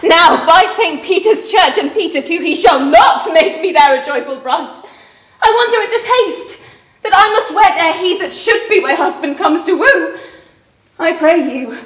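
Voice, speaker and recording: A woman's voice: sits high, moderate pace, a bit bright. An actress on a theatre stage playing a defiant young woman refusing a forced marriage, echoing in the hall. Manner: defiant, indignant. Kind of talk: stage acting. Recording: echoey hall from the audience.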